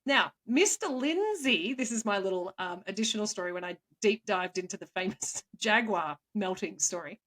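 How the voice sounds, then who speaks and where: A woman co-hosting a podcast, playfully telling stories with quick asides and frequent laughs. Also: medium pitch, animated, a bit bright. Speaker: co-host, storyteller. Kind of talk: casual chat.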